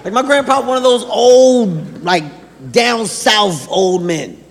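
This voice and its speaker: A male stand-up comedian telling stories in a loud, playful and profane way on a club stage. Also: high-pitched, animated, slow, gravelly. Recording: live comedy club, crowd and noise, reverb.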